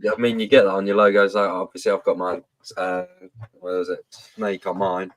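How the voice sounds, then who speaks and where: A man's voice: deep voice, little pitch movement, a little fast, no echo. A man with a West Midlands English accent, a guest answering plainly in casual podcast chat. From England.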